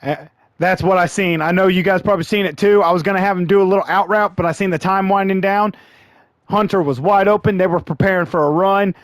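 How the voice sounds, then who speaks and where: A man narrates his own football video game in a fairly high voice, audibly frustrated and sighing between plays. His voice is wearing thin from long talking. The recording is close and dry. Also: fairly even intonation, quick pace, no echo. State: losing his voice. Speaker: gaming channel host. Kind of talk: live gameplay commentary.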